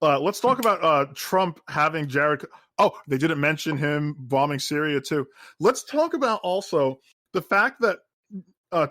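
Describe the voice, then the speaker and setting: Male podcast co-host, slightly high voice, dead-dry studio sound, casual profane ramble. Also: pushed and bright, no echo. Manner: rambling, profane, lots of fillers. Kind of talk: casual political chat.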